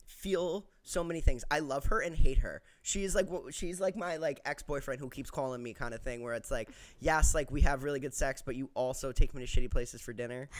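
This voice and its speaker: A speaker in casual chat, joking and lively. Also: medium pitch, a little fast, hardly any pauses. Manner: animated, joking.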